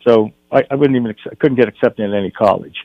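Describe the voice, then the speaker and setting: A man's voice: lowish voice, rapid-fire, gravelly, no room sound, lo-fi sound. An older man, a guest film director, telling a story on a radio talk show and acting out the dialogue.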